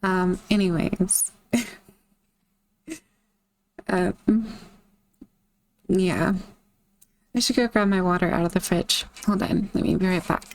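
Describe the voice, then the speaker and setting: A woman's voice: lowish voice, takes it slowly, long pauses. A young woman who just woke up, chatting with lots of fillers and then reading a game story aloud. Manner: chatty and rambling, many fillers, hesitant. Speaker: story reader.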